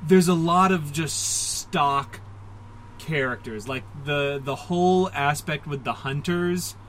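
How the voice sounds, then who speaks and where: A man's voice: a little high, slow pace, fairly bright tone, slight background noise, low-quality recording. Rambling man on a casual podcast. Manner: rambling, self-deprecating, puts on mock voices. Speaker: podcast co-host. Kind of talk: casual comic book discussion.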